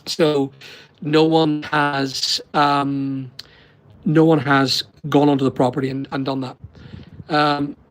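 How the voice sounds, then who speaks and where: A middle-aged man with a Northern Irish accent hosts a casual live stream from his holiday lodging. He rambles from topic to topic and stops to reply to viewers' comments. His speaking voice sits slightly high for a man. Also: level tone, takes it slowly, poor audio. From Northern Ireland. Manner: rambling, chatty, talks back to viewers' comments. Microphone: laptop or phone on a weak connection.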